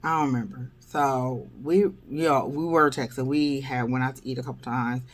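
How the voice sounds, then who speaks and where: A woman's voice: rumbling low, normal speed. A woman vlogger telling dating stories in a wry, blunt, exasperated way. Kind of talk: casual storytelling vlog.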